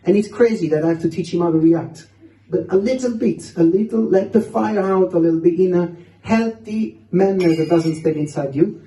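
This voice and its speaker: A man's voice: high-pitched, moderate pace, mellow. A man telling humorous stories at a youth seminar, often laughing as he speaks. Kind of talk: humorous storytelling talk. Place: large hall. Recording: roomy hall, distant mic.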